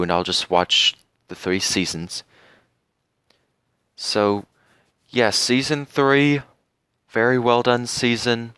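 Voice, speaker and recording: A young man reviews a TV series in an unhurried, earnest way, pausing often and filling gaps with little fillers. His voice sits a bit low and sounds smooth and clean. The recording is dry, with no room sound. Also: a bit bright, no room sound. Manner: earnest, heartfelt, with many fillers and pauses. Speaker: TV show reviewer. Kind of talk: casual spoken review.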